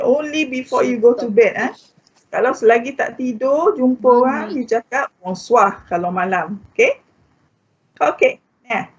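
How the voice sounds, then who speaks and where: A Malaysian woman with a fairly high, slightly rough voice teaches French in a live online stream whose audio is dull and lo-fi. She says each word repeatedly, keeps checking "okay?", and occasionally lapses into Malay.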